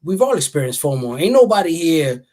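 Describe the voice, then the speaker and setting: A man's voice: a little high, sing-song, fairly quick, dark tone. A man hosting a casual comic-book chat show, talking animatedly, swearing freely and laughing often. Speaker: show host.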